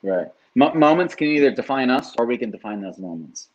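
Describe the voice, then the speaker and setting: A man's voice: medium pitch, lively intonation, fairly quick, darkish tone, lo-fi sound. A man who works as a life coach, talking casually and animatedly, swearing now and then and often asking "right?". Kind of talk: casual podcast conversation.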